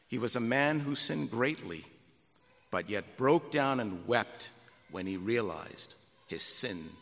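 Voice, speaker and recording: Dramatic preacher man in a reverberant hall. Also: expressive. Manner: dramatic, swings from loud emphatic peaks to low drawn-out endings; rhetorical questions to the congregation. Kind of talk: sermon.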